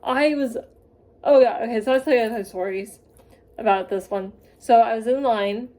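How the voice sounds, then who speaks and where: A young woman telling a rambling, gushing story in a casual vlog, excitable and quick to get carried away. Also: on the high side. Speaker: vlogger.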